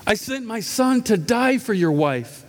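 A man's voice: high-pitched, big pitch swings, unhurried, in a large hall, voice pushed up. A man voicing God as a firm, searching voice that presses him with repeated questions. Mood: pressing.

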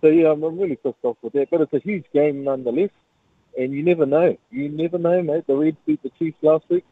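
A man's voice: a little high, a little fast, no echo. A man calling a sports radio show, giving blunt rugby opinions. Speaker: caller. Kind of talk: phone-in sports chat. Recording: phone line.

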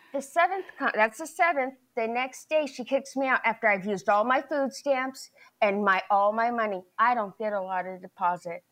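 A middle-aged woman with a slightly high, somewhat bright voice testifies as the plaintiff in a televised small claims courtroom. She rambles through her story, restarting often and quoting dialogue.

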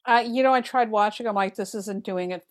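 A middle-aged tarot reader chats casually on a podcast, speaking briskly in a medium-pitched voice. She's an animated storyteller who acts out her own remarks.

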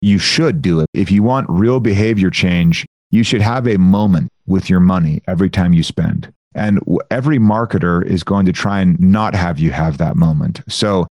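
Male founder guest, low voice, chatty and animated, dry studio sound. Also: normal speed, hardly any pauses, no echo. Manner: animated, explanatory, lots of "like" and "you know". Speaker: budgeting software founder, guest. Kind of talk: casual interview conversation.

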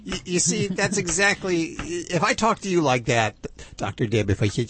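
A man's voice: fairly high pitch, lively intonation, normal speed, fairly bright tone. A man hosting a radio show, chatting casually and teasing his co-hosts in a joking way.

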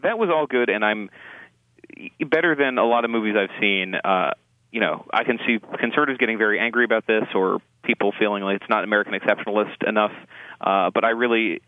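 Low-voiced man reviewing films over a tinny line. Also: no echo. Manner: halting, many restarts and fillers, dry wry asides. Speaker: film critic co-host. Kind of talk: casual conversational review. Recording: tinny phone-like line, dry.

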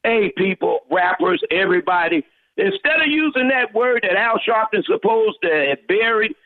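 A man's voice: sits high, expressive, normal speed, dry recording. A male caller from Houston, Texas, ranting emphatically with a preacher-like cadence to a talk radio host. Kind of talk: fired-up call-in rant. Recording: phone line.

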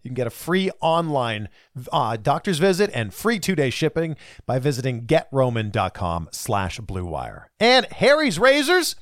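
A male host wrapping up his show with upbeat thanks and quick sponsor reads. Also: mid-range voice, no room sound, studio quality. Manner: upbeat and animated. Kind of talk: podcast outro with sponsor reads.

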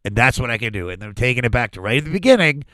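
A man from the Washington D.C. area, a comedian guest telling stories in casual podcast chat, animated and profane, acting out the voices of people he quotes. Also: mid-range voice, racing, no room sound, clean studio sound.

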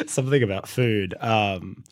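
A man's voice: lowish voice, slow, dry recording, clean studio sound. A man guesting on a casual podcast chat, hesitant and self-conscious, with lots of fillers.

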